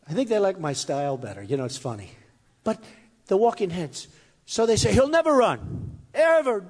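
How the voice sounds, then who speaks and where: A political candidate gives an off-the-cuff, boastful, rambling speech to a rally in a hot, crowded room, repeating his phrases and mocking critics in quoted voices. His voice sits high with a darkish, breathy tone, and the echoey hall carries a faint crowd.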